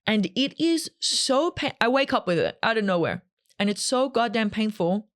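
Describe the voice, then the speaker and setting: A woman's voice: a little high, expressive, normal speed. A woman hosting a solo podcast from a green room, telling a personal story in a candid, rambling, emotional way with many fillers. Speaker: podcast host.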